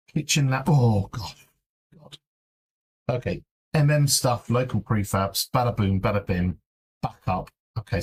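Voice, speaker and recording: A man's voice: lowish voice, slight background noise. A man streaming on his own, thinking aloud in a fretful mutter as he searches through files. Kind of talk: casual live-stream commentary.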